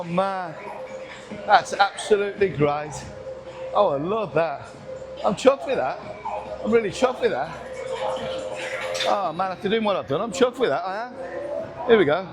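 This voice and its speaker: A man's voice: high-pitched, animated, a little slow, pauses often. Older man joking through a workout. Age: 60s. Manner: joking, swearing, breathless from lifting. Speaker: gym vlogger. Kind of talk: casual workout commentary. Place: busy gym with music playing. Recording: gym music in background.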